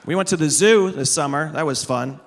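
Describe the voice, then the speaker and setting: Brisk and gravelly, with a voice on the high side, a thirtysomething comedian performs stand-up to a live crowd. He teases them sarcastically through an amplified stage microphone.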